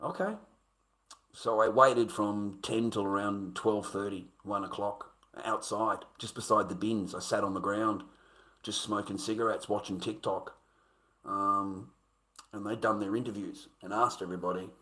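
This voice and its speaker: A man's voice: on the low side, fairly even intonation, unhurried, bright, forceful tone. A man who grew up in America, telling a story in a casual, rambling way and swearing freely as he retells a confrontation. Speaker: streamer.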